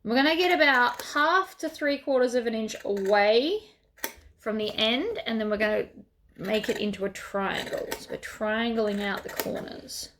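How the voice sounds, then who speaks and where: A woman's voice: a little high, normal speed, a bit bright, slight background noise. A woman hosting a sewing tutorial, chatting casually as she works through each step.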